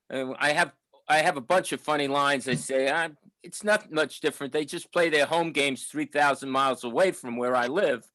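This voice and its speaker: A man's voice: medium pitch, sharp tone, no echo, rough recording. A man, telling a rambling, nostalgic story to a book author at a talk. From New York, the Bronx. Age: 70s. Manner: rambling, nostalgic, with restarts and fillers. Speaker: audience member at a book talk. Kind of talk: casual storytelling.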